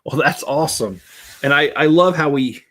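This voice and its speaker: A man's voice: a little high, normal speed, a bit bright. Rambling middle-aged man chatting while building. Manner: rambling, talks to viewers in the chat. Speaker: Lego building channel host. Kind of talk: casual live-stream chat while building.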